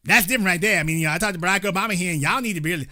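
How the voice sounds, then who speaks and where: A man's voice: high-pitched, very fast, sharp tone. A male host ranting through political commentary in a heated, profane, mocking way.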